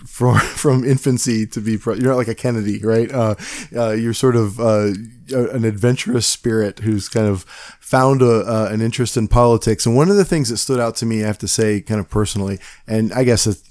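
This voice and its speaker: A man's voice: on the low side, a little mellow, no echo, studio quality. A man hosting a podcast interview, hesitant, with many filler words. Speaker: podcast host. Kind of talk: casual interview talk.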